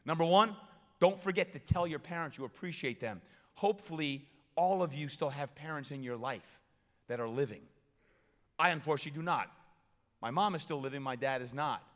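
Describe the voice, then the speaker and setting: Energetic male chapel speaker, high and bright, in a reverberant hall. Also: a little fast. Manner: energetic, call-and-response with the crowd. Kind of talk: motivational chapel talk.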